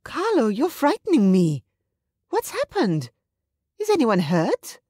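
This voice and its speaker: A woman voicing an emotional young female head chef in an audiobook, her pitch raised and urgent. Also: animated, moderate pace, warm tone, no echo, studio quality, lightly acted. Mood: distressed.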